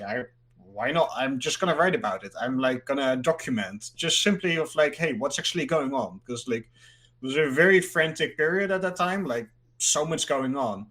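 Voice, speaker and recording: A man's voice: on the high side, a bit bright. A man from the Netherlands, a guest in a casual interview, rambling and filling his talk with "like.". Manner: rambling, fills speech with "like", laughs easily.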